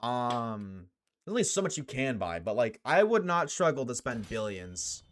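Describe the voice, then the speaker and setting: A man's voice: mid-range voice, big pitch swings, normal speed. A young man live-streaming, chatting casually with his chat, slangy and swearing often.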